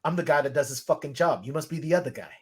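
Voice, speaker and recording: A man doing a cocky Boston tough guy with a thick accent, crude and mocking. The voice sits high for a man. It comes off as a sports podcast gag. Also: expressive, very fast, breathy edge. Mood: scornful. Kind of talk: film quote impression on a podcast.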